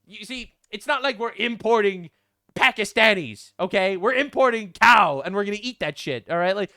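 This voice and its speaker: A man riffing through sarcastic reaction commentary in a high, bright, sharply clear voice. He mocks and swears freely, swinging between loud outbursts and low muttered asides, and the sound is close and dry. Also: animated, moderate pace, no room sound.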